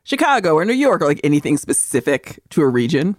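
A woman co-hosting a podcast in casual chat, profane and quick to laugh. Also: low-pitched, no echo, clean studio sound. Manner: profane, animated, laughing often. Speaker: podcast co-host.

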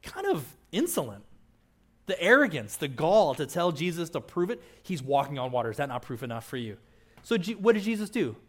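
A man's voice: a little high, big pitch swings, brisk. A man pastor giving a conversational sermon, with casual asides and frequent "right?" checks to the listeners.

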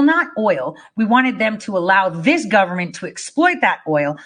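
A woman's voice: fairly high pitch, a bit bright. A woman giving a fired-up, profane monologue, rallying her listeners and telling stories with emphatic swings in her delivery. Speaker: political speaker. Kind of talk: impassioned monologue.

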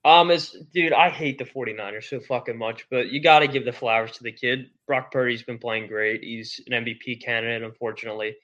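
A man's voice: mid-range voice, steady tone, a little fast, hardly any pauses, a bit bright. A man co-hosting a casual sports podcast, blunt and profane. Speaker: podcast co-host. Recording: slightly dull lo-fi sound.

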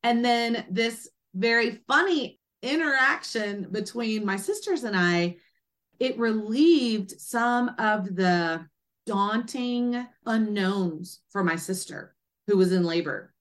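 A woman guest, an author and doula, telling a personal story with animated energy and acting out quoted speech. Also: on the high side, slow. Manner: lively, acts out quoted speech in a raised voice.

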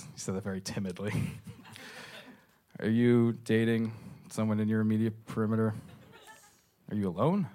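A man's voice: lowish voice, moderate pace, long pauses, warm tone. A man doing stand-up crowd work on a club stage, teasing the audience in a wry, self-deprecating way. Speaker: stand-up comedian.

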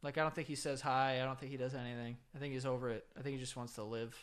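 A man's voice: mid-range voice, little pitch movement, very fast, a bit bright, clean tone. A young man co-hosting a podcast, laid-back and swearing freely as he chats and laughs. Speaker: podcast co-host. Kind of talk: casual comedic chat.

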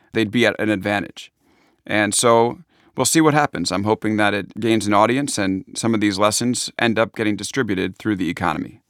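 Chatty low-voiced man with a Long Island accent. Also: fairly bright tone, no room sound, studio quality. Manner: chatty, self-deprecating. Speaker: author. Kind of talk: casual interview answers.

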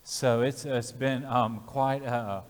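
A man addressing a church congregation in a relaxed, thoughtful way with pauses. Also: mid-range voice. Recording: reverberant church hall.

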